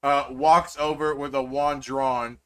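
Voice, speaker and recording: A man's voice: medium pitch, little pitch movement, slow, bright, forceful tone, clean tone. A man narrating as game master in a tabletop game, rambling and full of fillers.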